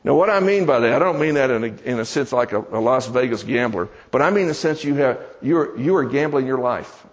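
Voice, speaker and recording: A man's voice: medium pitch, lively intonation, brisk. A man preaching a sermon in a church, telling a story in a folksy, conversational way, with joking asides to the congregation. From American South. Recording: dull sound with long hall reverb.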